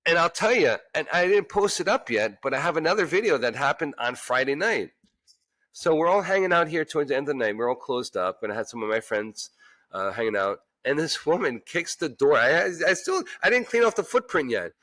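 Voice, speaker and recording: A man, a restaurant chef-owner, telling lively stories in an interview and acting out what people said. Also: a little high, fairly quick, no echo. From Queens, New York. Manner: animated storyteller who acts out quoted voices. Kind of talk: casual storytelling interview.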